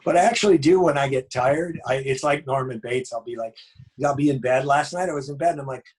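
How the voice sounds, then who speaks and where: Husky man, rambling and jokey. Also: mid-range voice, a little fast, a little mellow. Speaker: horror filmmaker guest. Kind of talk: casual podcast chat.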